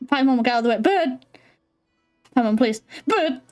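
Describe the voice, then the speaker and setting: Woman let's-player, high and warm, quick to laugh, faint music under her. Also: animated. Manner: laughs often, joking asides. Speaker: gamer. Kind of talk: casual let's-play commentary.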